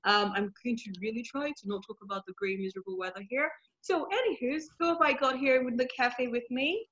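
A woman's voice: a little high, fairly quick, a bit bright. A woman hosting a podcast in a casual, chatty way, talking straight to her listeners. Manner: chatty, friendly, talks to listeners directly. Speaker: podcast host. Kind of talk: casual chat. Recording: dull, lo-fi sound.

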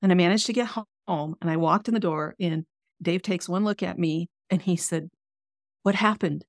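Middle-aged woman telling her faith story, earnest and emotional, kinda gravelly voice. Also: fairly low pitch, fairly quick, no echo, studio quality. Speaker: guest, author and coach. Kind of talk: personal faith testimony.

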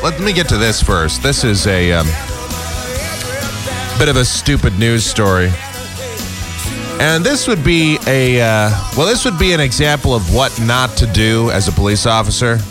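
A man's voice: medium pitch, expressive, moderate pace, over music. A male talk show host with a congested, growly, nasal voice, chatting in a rambling way with wry asides. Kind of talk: casual talk show monologue.

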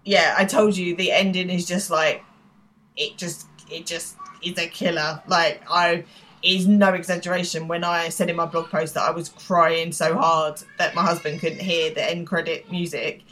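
A woman's voice: fairly low pitch, level tone, moderate pace, a bit bright, slight background noise, poor audio. A married woman co-hosting a podcast, chatting casually and animatedly, laughing and swearing now and then. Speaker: podcast co-host. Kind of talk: casual chat.

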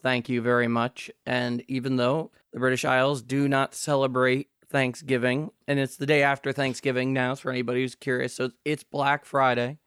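A man hosting a history podcast, speaking in an earnest, measured way with frequent fillers. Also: medium pitch, flat delivery, a bit bright, smooth, no room sound, studio quality. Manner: earnest, measured, many "you know" fillers. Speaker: podcast host. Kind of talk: podcast hosting, scripted intro then chat. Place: New York City.

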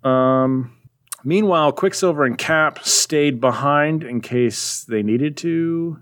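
A man in casual chat, animatedly retelling a comic book plot and briefly voicing its characters. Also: on the high side. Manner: rambling, animated retelling with quick voices for characters. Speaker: podcast co-host recapping a comic.

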